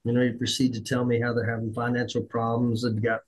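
Husky middle-aged man telling a story. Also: medium pitch, fast talker, low-quality recording. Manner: animated, acts out dialogue, self-deprecating. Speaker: podcast host. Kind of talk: conversational storytelling.

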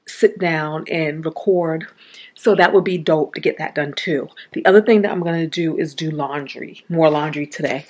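A woman in her thirties filming a casual home vlog, talking straight to her viewers and calling them "y'all" as she walks from room to room. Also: low-pitched. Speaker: vlogger. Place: inside a home, walking between rooms.

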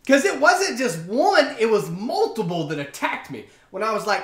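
A man talks through his own podcast in a loose, slangy ramble packed with fillers. His voice sits high and bright, bouncing up and down as he goes. The room around him gives a noticeable echo. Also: big pitch swings, normal speed, hardly any pauses. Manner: chatty, slangy storytelling with many fillers. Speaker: podcast host. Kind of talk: casual solo podcast monologue.

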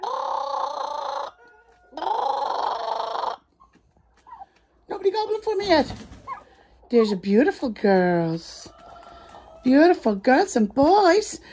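A woman's voice: high-pitched, warm tone. A woman chatting in sing-song baby talk to her poultry outdoors, farm birds audible behind her. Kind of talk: casual vlog, baby talk to animals. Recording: noisy outdoor farm recording. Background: birds clucking and gobbling.

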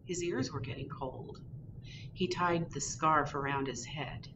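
A woman librarian reading a picture book aloud to children, expressive and drawn out. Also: deep voice, a little slow, recorded from a distance, background noise.

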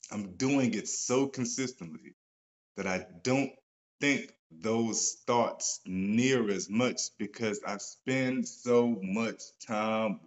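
Excitable man giving a casual pep talk. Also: fairly low pitch, highs cut off. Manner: animated, swears casually, gets excited and loud. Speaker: author and host of a live stream. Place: at home, seated in a wheelchair.

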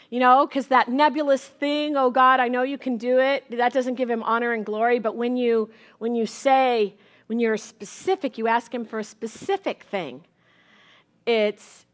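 A middle-aged woman pastor preaching, her voice a touch high for a woman. She tells a family testimony with lively, chatty storytelling, repeating words and restarting phrases as she goes. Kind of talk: sermon.

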